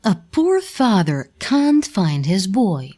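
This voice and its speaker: A woman's voice: mid-range voice, big pitch swings, slow pace, mellow. A woman voicing a sympathetic old woman in a storybook, speaking in a pitying way.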